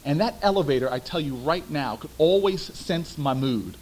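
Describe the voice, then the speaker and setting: A young man, a former city councilman, giving a storytelling speech with emphatic, animated delivery. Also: fairly high pitch, normal speed, a little hiss or hum, rough recording.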